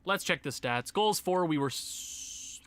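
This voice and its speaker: A young man giving casual commentary on a hockey video game, muttering and then breaking into excited shouts. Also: fairly high pitch, measured pace, clean tone. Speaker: gaming YouTuber.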